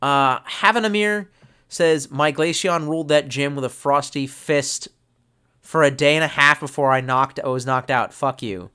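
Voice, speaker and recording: A man's voice: a little high, steady tone, normal speed, sharp tone, smooth. A man, drunk, rambling and swearing as he reads out chat on a live stream. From United States. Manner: profane, rambling, mock-angry outbursts.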